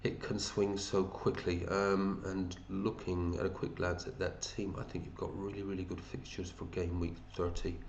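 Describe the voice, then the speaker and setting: A man's voice: sits low, level tone, normal speed, vocal fry, hardly any pauses, a little mellow, echoey room, slight background noise. A man hosting a fantasy football league, chatting casually and matey as he runs through scores and thinks aloud. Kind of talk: casual commentary over a screen.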